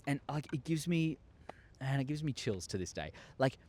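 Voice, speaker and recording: A young man telling a story to his viewers, excitable and acting out scenes with sound effects. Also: mid-range voice, moderate pace. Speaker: YouTuber. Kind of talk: casual storytelling monologue.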